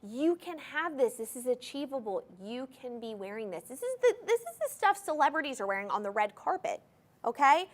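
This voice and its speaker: Gushing, lively woman selling jewelry on TV. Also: high voice, fairly quick. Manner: gushing, enthusiastic, talks straight to viewers. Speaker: shopping channel host. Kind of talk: live TV jewelry sales pitch. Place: TV studio.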